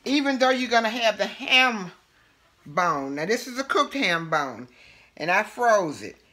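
A woman with a Southern accent hosts her cooking show in a homey, chatty way. She takes her time, drawing words out. Her voice has a bright, forward tone. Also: mid-range voice, very animated, unhurried. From Alabama, US. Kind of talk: casual cooking demonstration.

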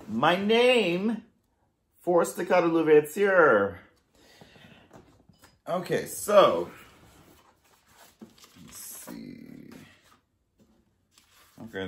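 A deep-voiced man with a gravelly edge tells a casual unboxing story for his vlog. His pitch bounces all over, jumping from loud exclamations to muttered asides. He was recorded in an echoey room with a little background noise. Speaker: fashion haul vlogger.

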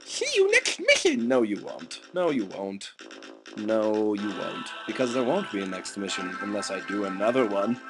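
A man with a sick, hoarse voice, making crude jokes as he talks over a video game. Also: lowish voice, a little slow, over music. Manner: joking, crude and excitable. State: hoarse from illness. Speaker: let's player. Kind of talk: casual gameplay commentary. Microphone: desk microphone.

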